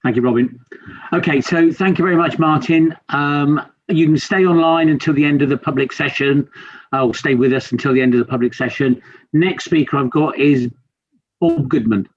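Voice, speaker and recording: A man's voice: a little high, moderate pace, slightly rough. A man chairing a council meeting over a video call, polite and procedural as he calls on speakers. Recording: dull lo-fi call audio.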